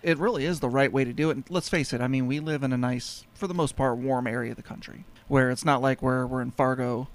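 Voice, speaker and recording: A man's voice: medium pitch, fairly even intonation, fast talker, few pauses. A man hosting a home-improvement talk show, telling stories in a rambling, casual way. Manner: rambling storyteller, lots of fillers. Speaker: home insulation business owner and show host. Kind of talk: casual radio chat.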